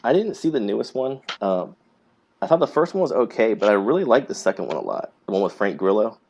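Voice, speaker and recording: A man with a low but animated voice trades playful banter on a podcast. His pitch swings freely as he talks. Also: fast. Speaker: podcast co-host. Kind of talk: casual chat.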